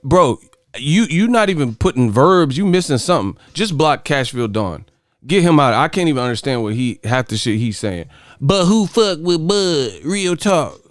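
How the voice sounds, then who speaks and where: A man's voice: mid-range voice, animated, normal speed, no room sound, studio quality. A man hosting a boxing channel, reacting to his chat in casual, profane, laughing riffs. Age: adult. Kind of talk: casual livestream commentary on chat.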